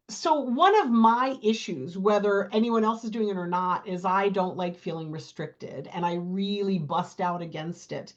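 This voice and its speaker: A middle-aged woman chats as an interview guest, animated and expressive, often acting out her own thoughts. Her voice sits mid-range, and the audio is a little dull and lo-fi. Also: medium pitch. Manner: animated storyteller, quotes her own thoughts, laughs easily. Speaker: program client, guest. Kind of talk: casual interview chat.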